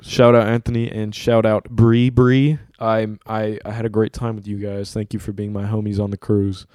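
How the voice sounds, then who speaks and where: A man's voice: lowish voice, little pitch movement, moderate pace, dark tone, clean tone, dry recording, clean studio sound. A young man hosting a casual podcast chat, telling a long story in a loose, slangy way with a lot of swearing. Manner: laid-back storytelling with heavy slang and swearing. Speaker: podcast host.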